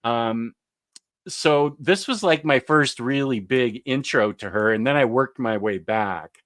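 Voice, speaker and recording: A man's voice: mid-range voice, a little slow, fairly bright tone, no room sound. A man hosting a casual comics chat, enthusiastic and rambling, with lots of fillers and restarts. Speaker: comics podcast host.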